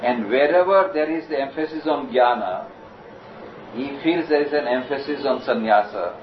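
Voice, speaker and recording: A man's voice: mid-range voice, lo-fi sound, slight background noise. Man lecturing in a distant roomy recording. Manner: measured, explanatory, recites Sanskrit verses slowly. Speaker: spiritual lecturer. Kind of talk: scripture lecture.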